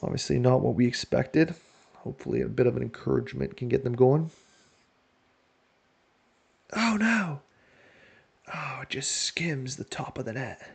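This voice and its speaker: A man giving casual let's-play commentary on a football management game, joking to himself and shouting when his team scores. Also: mid-range voice, normal speed, gravelly, pauses often, slightly rough. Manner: excitable, jokes to himself, shouts at goals. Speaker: video game player.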